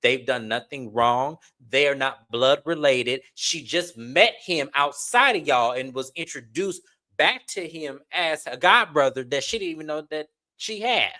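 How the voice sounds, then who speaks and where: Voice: mid-range voice, expressive, a little slow, bright, forceful tone. A reality TV recap host talking casually to viewers, blunt, exasperated and profane.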